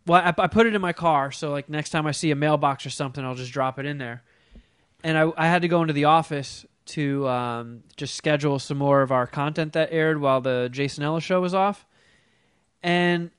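A man co-hosting a talk show, telling a profane story in a casual, animated way and mimicking the people in it. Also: on the high side, clear, resonant tone, dry recording, studio quality.

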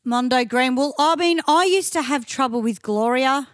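A man's voice: very high-pitched, normal speed, no echo, clean studio sound. A man with an Australian accent co-hosting a podcast, telling playful, sweary stories and joking around. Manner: loud, sweary, playful storyteller. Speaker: podcast co-host. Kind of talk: casual banter.

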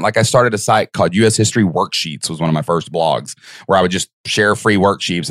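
A man with a fairly low voice tells his story as a podcast guest, with excited, animated delivery that leaps high whenever he acts out a moment. The sound is close and dry, with no room around it. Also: no echo. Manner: excited, fast storytelling with jumps in pitch.

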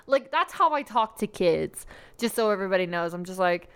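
Smooth-voiced profane woman podcaster. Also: medium pitch, a little fast. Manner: profane, animated storyteller who acts out quoted voices. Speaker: podcast co-host. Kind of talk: casual chat.

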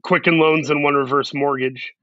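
A man's voice: fairly high pitch, steady tone, moderate pace, sharp tone, dry recording, highs cut off. A man, an actor guest, telling long self-deprecating stories in a casual interview. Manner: rambling, self-deprecating anecdotes.

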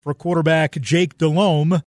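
A man narrating a sports documentary in a measured, scripted way. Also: a little high, steady tone, a little mellow, dry recording, studio quality.

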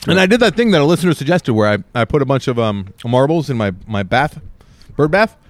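Fast-talking man, dry close sound. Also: mid-range voice, big pitch swings, no echo. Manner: rambling, full of "like". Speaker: podcast co-host. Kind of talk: casual chat.

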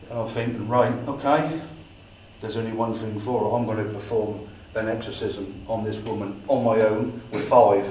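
Englishman at a society meeting, animated storyteller who acts out his own dialogue, heard from far off in an echoey room. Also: fairly low pitch, normal speed, slight background noise. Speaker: paranormal investigator giving a talk.

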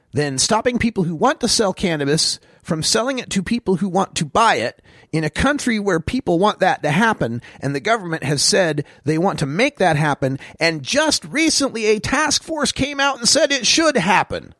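A man's voice: sits high, very animated, moderate pace, fairly bright tone, no room sound, clean studio sound. A man hosting his own show, delivering an opinionated solo rant with emphatic, rising passion. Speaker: host of a cannabis politics rant show.

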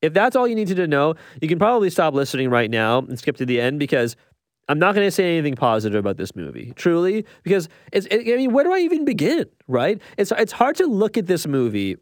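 A man's voice: a little high, very animated, quick pace, no echo, studio quality. A man giving an opinionated movie review, emphatic and exasperated, often checking in with tag questions.

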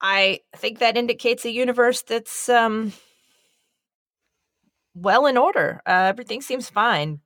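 A woman with a bright, sharp, fairly high voice co-hosts a podcast. She chats casually, wry and a touch theatrical. The recording is close and dry. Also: measured pace, long pauses, dry recording. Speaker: podcast co-host. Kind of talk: casual chat.

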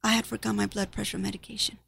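Emotional woman with a gravelly voice. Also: mid-range voice, level tone, a bit bright. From Spanish-speaking background. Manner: emotional, halting, drops to near whisper at times. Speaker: nurse. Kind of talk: personal testimony to an audience.

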